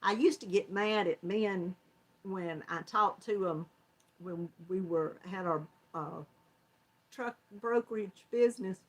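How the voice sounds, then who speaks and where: A woman's voice: mid-range voice, takes it slowly. An older woman with a Southern American accent, hosting a casual crochet livestream and chatting folksily with viewers, often laughing. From Georgia, US South. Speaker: crochet channel host.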